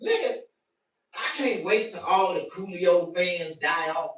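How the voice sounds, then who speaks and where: A man doing a profane stand-up rant to his stream, animated and bursting into shouts. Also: high-pitched, measured pace. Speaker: comedian. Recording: very echoey room, mic at a distance.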